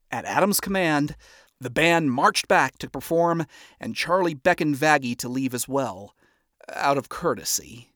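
A narrator reading a fan story aloud in a steady storytelling manner. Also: mid-range voice, measured pace, no room sound, studio quality. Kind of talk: amateur audiobook reading of fan fiction.

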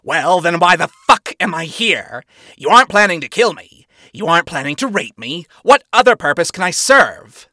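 A man's voice: fairly high pitch, animated, unhurried, pushed and bright, no echo, clean studio sound, exaggerated voice. A man voicing a scornful male radio demon, disdainful and incredulous, in a fan fiction reading. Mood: exasperated.

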